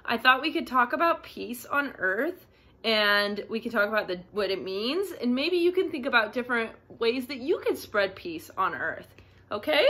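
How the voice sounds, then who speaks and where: A woman reading a picture book aloud to young children, sing-song and animated, gasping and asking her listeners questions. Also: a little high, moderate pace. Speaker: storybook reader for children.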